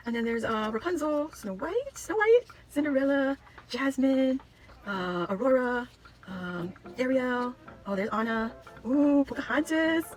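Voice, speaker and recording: A woman's voice: high voice, lively intonation, a little slow, poor audio. A woman vlogger opening craft gifts on camera, gushing and exclaiming again and again in casual chat. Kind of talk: excited casual unboxing chat.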